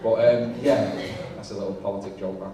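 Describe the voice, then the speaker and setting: A man's voice: on the low side, steady tone, a little fast, far from the mic, a crowd in the background. A young man doing a stand-up set, chatty and self-mocking, swearing freely, with an audience laughing. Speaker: stand-up comedian. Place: comedy club with a live audience. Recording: echoey room, mic from afar.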